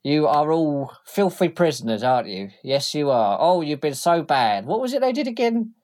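A man's voice: fairly high pitch, very animated, normal speed, a little mellow. A man voicing a reckless, unhinged male gang boss who swears and rambles with mock politeness.

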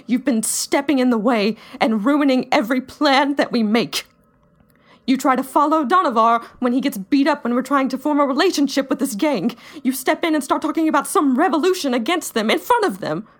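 A woman with a fairly high voice, voicing her character in a tabletop game. She moves between describing her character's actions and speaking as the character. Her in-character speech is intense and confrontational. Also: animated, moderate pace. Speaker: player. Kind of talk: in-character tabletop role-play.

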